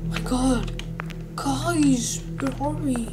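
Loud music plays behind a woman's high voice in this rough recording, with noticeable background noise. A gaming streamer, she draws out her words while giving live commentary on a horror game, easily scared and exclaiming often.

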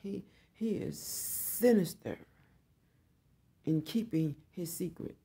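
A woman's voice: fairly low pitch, takes it slowly, vocal fry, long pauses, mellow, breathy edge. A woman hosting her own online show, giving a blunt, profane opinion monologue and repeating her points.

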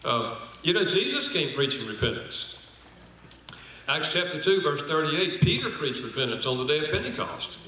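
Forceful and bright, this older man's voice runs on the high side with big pitch swings at a moderate pace. He's teaching sermon-style at a conference with anecdotes, acting out what people said and joking with the audience. Roomy hall audio from a distant mic.

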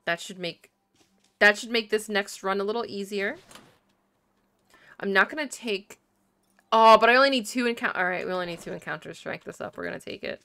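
A woman's voice: medium pitch, fairly quick, pauses often, sharp tone, smooth, no echo. A young woman streaming a video game, chatty and giggly as she reacts to her chat. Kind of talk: live gameplay commentary.

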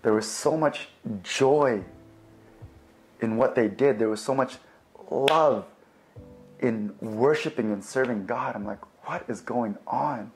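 A young man telling his faith testimony in a relaxed, conversational way, with fillers and replayed conversations. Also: mid-range voice, takes it slowly, long pauses, faint music behind. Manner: animated, acts out both sides of remembered conversations. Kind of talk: personal storytelling.

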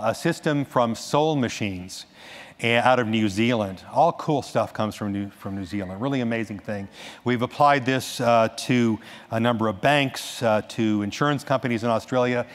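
A man speaks from a conference stage, his delivery animated and full of restarts and quick asides. His voice sits in a middle pitch. The sound carries the long reverb of a large hall. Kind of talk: conference talk.

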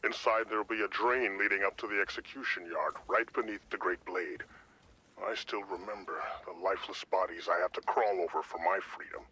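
A man's voice: sits low, a little fast, sharp tone, breathy edge, heavily acted, rough recording. An actor playing a solemn, haunted male guide in a video game. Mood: hushed. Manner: solemn, foreboding. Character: grave male guide Tiago, haunted ally. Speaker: game character.

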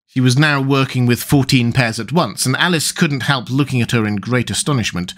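A man narrating a classic children's novel as an audiobook, measured and expressive. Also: mid-range voice.

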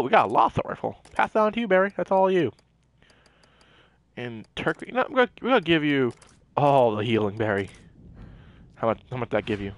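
A young man giving animated gameplay commentary, talking to the characters on screen as he plays. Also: medium pitch, normal speed, pauses often. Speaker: gaming channel host.

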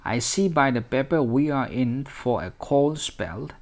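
A man's voice: medium pitch, expressive, unhurried, natural voice. Fussy chubby shop owner guy, a bit raised and eager, read by a man. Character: plump, fussy male pet-shop owner, eager to sell.

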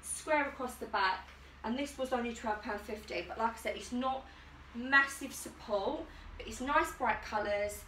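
A woman's voice: a little high, moderate pace, bright, forceful tone, far from the mic, a little hiss or hum. A woman chatting in a giggly, self-deprecating way while she tries on swimwear for her vlog. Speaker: YouTuber. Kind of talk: chatty try-on haul vlog. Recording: echoey room, voice from across the room.

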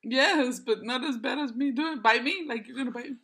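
A woman's voice: high voice, a little fast, a bit bright, husky. A young woman vlogger chatting casually and playfully, giggling and squealing. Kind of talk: casual vlog chat.

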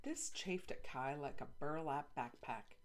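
A woman author reading her children's novel aloud in an expressive, playful narrating voice. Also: deep voice, unhurried. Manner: lively, playful asides.

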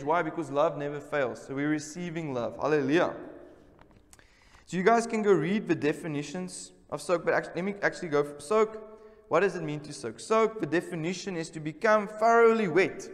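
Male pastor, raised voice, emphatic sermon delivery with call-outs to the congregation, long church-hall reverb. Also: a little high. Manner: emphatic, repeats key words, calls for responses. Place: church service.

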